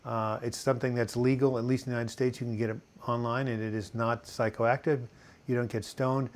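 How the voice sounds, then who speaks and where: An older man talks at a webcam from his home, hosting a live stream about mental health. He rambles in a relaxed way and reads out viewer questions. His speech is full of fillers and restarts. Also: medium pitch, fairly quick. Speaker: host of a live video chat on mental health. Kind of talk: casual live-stream chat reading viewer comments. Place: home in Portland, US.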